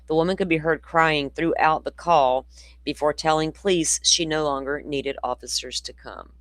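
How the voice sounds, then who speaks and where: A woman's voice: sits low, steady tone, normal speed, a bit bright, no room sound. Opinionated woman hosting true crime talk. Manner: conversational, opinionated asides to viewers. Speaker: true crime podcast host. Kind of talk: casual commentary reading news reports aloud.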